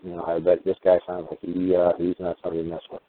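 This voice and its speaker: This deep-voiced radio talk show host talks fast, spinning long, meandering tales and performing other people's lines as quotes. It's casual call-in chat, heard through a tinny phone line.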